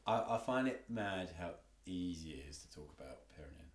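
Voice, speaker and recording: A man's voice: deep voice, a little fast, roomy sound, a little hiss or hum. A young English father in casual podcast chat, telling stories and acting out what was said. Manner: animated storytelling, acts out quoted dialogue.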